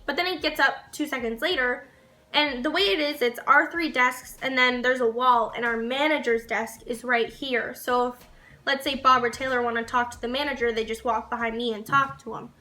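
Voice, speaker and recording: A young woman vlogger telling a story to camera in a casual, animated way, swearing and laughing as she goes. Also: high-pitched, normal speed.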